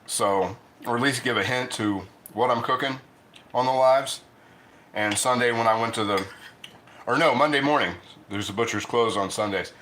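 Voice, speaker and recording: Eating as he goes, this middle-aged cooking show host rambles chattily through a casual livestream in his own kitchen, frequently restarting and talking through mouthfuls. His mid-range voice is fairly bright at a normal pace, with slight background noise.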